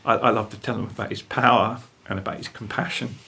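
An older man speaks with earnest conviction, his low voice gravelly and husky. He tells stories and checks in with tag questions. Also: fairly even intonation, fast, sharp tone. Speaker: guest speaker. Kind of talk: earnest faith conversation.

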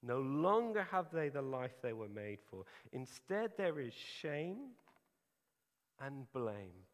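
A man preaching a sermon, earnest and emphatic, pausing for effect. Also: mid-range voice, very animated. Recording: hall reverb.

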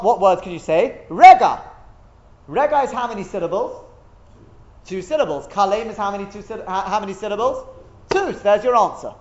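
A man with a high voice teaches a Talmud class. He thinks aloud, asks rhetorical questions and walks through each step. The recording is a little dull.

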